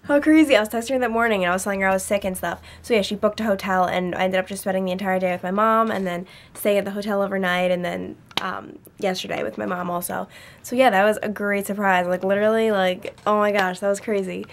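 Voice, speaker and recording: She's a young woman in her dorm bedroom, racing through a storytime vlog in a medium pitch with little rise or fall. The chat is casual and meandering, packed with "like."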